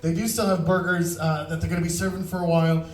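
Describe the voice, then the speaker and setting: A man's voice: a little high, little pitch movement, quick pace. Male emcee wrapping up a comedy show, upbeat, heard from afar with room noise. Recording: echoey room, distant mic, background noise.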